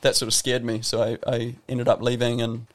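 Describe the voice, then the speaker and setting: A man with a New Zealand accent speaks as a podcast guest, his voice sitting at an ordinary mid pitch. He talks in a reflective, rambling way, circling back with fillers and restarts as he works through a story. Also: monotone, fairly quick. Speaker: guest, professional tennis player. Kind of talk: casual podcast interview.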